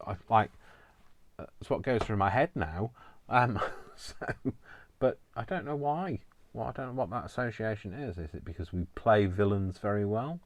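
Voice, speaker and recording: A middle-aged man chatting casually to camera in a deep, low voice. He rambles and wanders off topic, fills gaps with ums, and pokes fun at himself as he goes. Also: animated, moderate pace, dry recording. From England. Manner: rambling, self-mocking, chatty, many fillers. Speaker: crafting vlogger.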